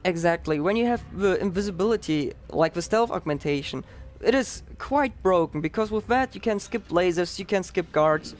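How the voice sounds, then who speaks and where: A man's voice: sits high, animated, moderate pace, hardly any pauses, faint music behind. A man with a Dutch accent giving chatty, upbeat live commentary on his own speedrun, explaining as he plays.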